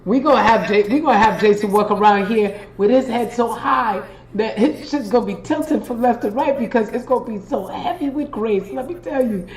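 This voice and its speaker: A woman's voice: on the high side, moderate pace, hardly any pauses, a little mellow, low-quality recording. A woman hosting a live stream, giving an emphatic, preachy and profane motivational pep talk straight to her viewers. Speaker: spiritual reader and live-stream host.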